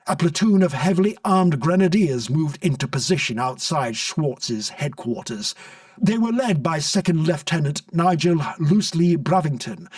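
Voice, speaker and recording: A man narrating a comic story in an expressive storybook reading, recorded dry from a distance. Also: a little high, dry recording.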